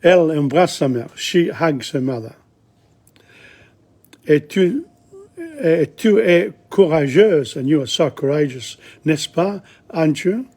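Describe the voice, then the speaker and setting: Husky guy with a slightly high voice, rambling through a language lesson, lots of restarts. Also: expressive, a little mellow. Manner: chatty, halting, with frequent restarts and asides. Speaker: language teacher. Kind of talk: language lesson, reading a dialogue and translating.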